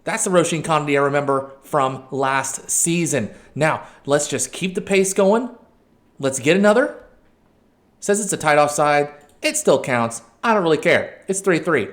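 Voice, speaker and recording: A man hosting a let's-play, commentating a match with excitable outbursts, shouting at his players and correcting himself. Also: fairly high pitch, moderate pace. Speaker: video game channel host.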